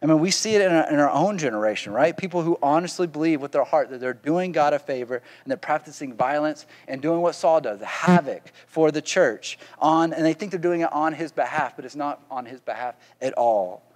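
Male pastor, sermon delivery, a bit high-pitched, restarts and repeats, keeps asking "right?". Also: animated, a little fast, few pauses.

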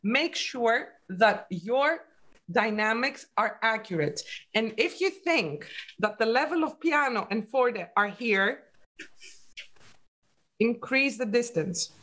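A woman's voice: on the high side, lively intonation, slow, a bit bright. A woman teaching a piano masterclass online, patiently coaching with questions and calling out dynamics as the student plays.

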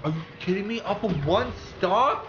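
A man hosting an anime reaction channel, talking casually and excitedly, exclaiming and swearing as he talks to the screen. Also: high voice, normal speed, lo-fi sound, background noise. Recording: music playing loud behind.

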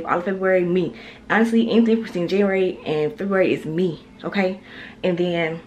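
A young woman chatting through a day-in-my-life vlog, rambling and talking straight to her followers. Her voice sits fairly low with a gravelly, fry-heavy texture. The home recording carries a clear hiss of background noise. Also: rough recording. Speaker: vlogger.

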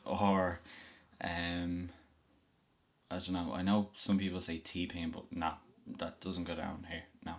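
A young man from Dublin with a Dublin accent talks in a low, level voice. He speaks slowly and hesitantly, with plenty of ums, in a casual home video. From Ireland. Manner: slow, relaxed, hesitant with frequent ums. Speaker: vlogger.

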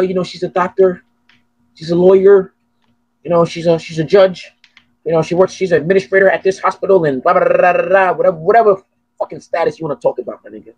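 A man hosting a podcast, telling stories in an animated, profane, casual way. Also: on the high side, breathy edge, no echo, muffled recording. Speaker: podcast host. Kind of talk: casual chat.

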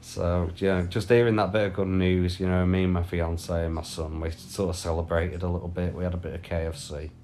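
British male streamer, low voice, unhurried rambling chat into a phone at home with faint background hiss. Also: level tone, a little mellow. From United Kingdom. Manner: rambling, chatty, thanks viewers for gifts. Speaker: live streamer. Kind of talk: casual live-stream chat. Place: at home, lying down.

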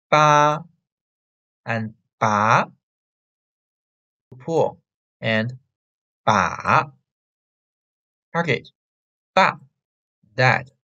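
A woman teaching Chinese, slowly drilling syllables and tones, repeating each one twice. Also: extremely low pitch. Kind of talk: slow pronunciation drill. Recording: dull lo-fi online class audio.

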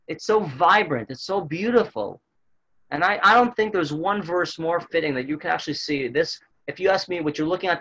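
A man's voice: on the high side, fairly bright tone, poor audio. A man giving a virtual tour as a guide, telling a story earnestly and often repeating words as he goes.

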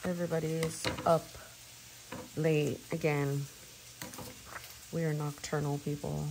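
A woman's voice: deep voice, little pitch movement, a little slow, creaky, a little mellow, slight background noise, low-quality recording. A woman vlogger chatting casually at home while she works on a planner, rambling and laughing often. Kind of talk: casual chat while crafting.

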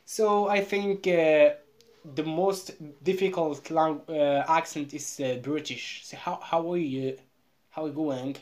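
Low-voiced Moroccan woman in halting English. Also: fairly even intonation, a little mellow. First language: Moroccan Arabic. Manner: halting learner's English, repeats herself. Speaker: vlogger. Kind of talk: casual video call chat.

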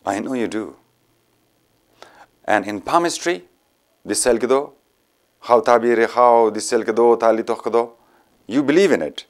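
A man's voice: mid-range voice, lively intonation, unhurried, long pauses, pitched above the performer's own voice. A man with an Afghan accent reading the part of a frightened, superstitious young woman on the run, in an earnest, pleading way. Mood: fearful. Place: studio.

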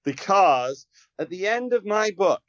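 A man's voice: high voice, animated, unhurried, fairly bright tone, no echo, highs cut off. A man who is a sales trainer and podcast guest, talking in an emphatic, coaching way and often firing off rhetorical questions. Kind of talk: conversational coaching.

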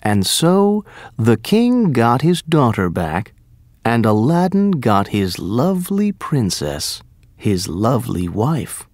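Slow, lively storybook reader. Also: mid-range voice, no echo, studio quality. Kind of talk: slow, clear reading for English learners.

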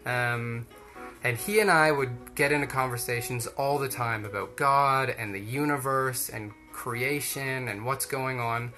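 A young man talks to a group in a loose, rambling way, with plenty of fillers and asides. His voice is bright and forceful at an ordinary pitch. A faint guitar plays behind him. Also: unhurried. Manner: chatty, rambling, many fillers. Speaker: speaker giving a talk. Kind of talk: casual storytelling talk.

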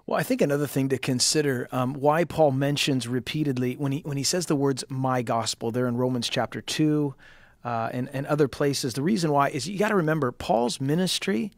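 Gravelly-voiced pastor explaining scripture. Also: male voice, mid-range voice, brisk, dry recording, clean studio sound. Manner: steady, explanatory, with frequent fillers and restarts. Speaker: pastor and co-host. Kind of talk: explaining scripture on a call-in show.

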